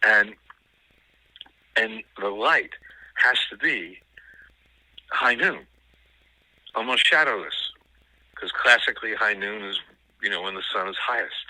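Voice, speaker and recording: Speaking in a low voice that's strikingly sharp and tense, a man appearing as a film critic guest analyzes a film casually and thoughtfully. He frequently stops and starts over to find the right word, recorded close and dry without echo.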